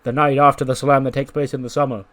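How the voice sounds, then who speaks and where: A man voicing a grandiose male wrestler who narrates a creepy tour in a slow, theatrical, pompous way. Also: medium pitch, level tone, a bit bright, lightly acted.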